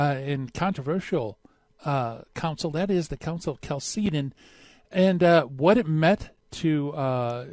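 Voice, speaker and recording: A man's voice: on the high side, darkish tone, dry recording. A man hosting a call-in radio show, chatty and hesitant with many fillers. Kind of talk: casual call-in radio interview.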